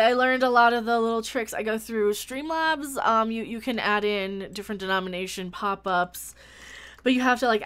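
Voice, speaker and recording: A woman's voice: fairly high pitch, smooth. A woman hosting her own livestream in casual chat, talking freely with many restarts and thanking viewers by name. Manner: chatty, thanks viewers warmly, frequent restarts. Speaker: YouTube channel host.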